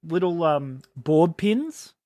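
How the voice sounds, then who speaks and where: A man with a notably high voice tells a casual story on a podcast. He halts, restarts and acts out what people said. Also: lively intonation, dark tone. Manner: halting, restarts often, acts out quotes. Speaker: podcast co-host.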